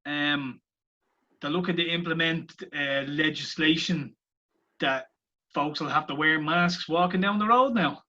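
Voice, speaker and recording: A fairly high, bright, sharp-edged man's voice fires off heated rhetorical questions in a sweary podcast rant. It is a casual chat between co-hosts. The audio is muffled and lo-fi. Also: unhurried. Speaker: podcast co-host.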